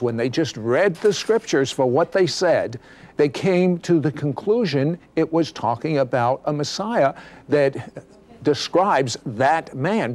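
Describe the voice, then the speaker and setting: A man's voice: fairly high pitch, darkish tone. A man hosting an interview, who then turns to address viewers in an emphatic preaching style full of rhetorical questions. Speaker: interviewer and host.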